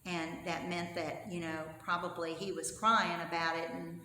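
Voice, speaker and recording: A woman Sunday school teacher telling a Bible story to children in an animated, expressive way and asking her listeners questions. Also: fairly low pitch, normal speed. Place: church. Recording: echoey church hall, faint hum.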